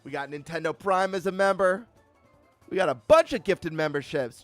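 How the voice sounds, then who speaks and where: A man hosting a live stream, chatting casually and greeting viewers with excited energy. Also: high voice, normal speed, dry recording, soft background music.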